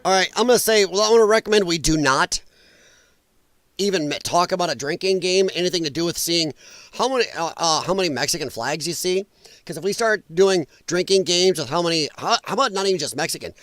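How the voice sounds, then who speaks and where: A man's voice: high-pitched, a bit bright, no room sound. A man hosting a live stream, commenting on protest footage in a blunt, mocking and profane way, rambling with frequent restarts. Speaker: livestream commentator.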